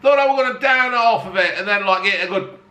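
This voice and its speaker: A man's voice: high-pitched, quick pace, pushed and bright, highs cut off, a little hiss or hum. A man swearing freely and mocking himself as he reviews a beer to camera. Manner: blunt, heavy swearing, jokey self-mocking asides. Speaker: beer-tasting vlogger. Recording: echoey room with faint ambience.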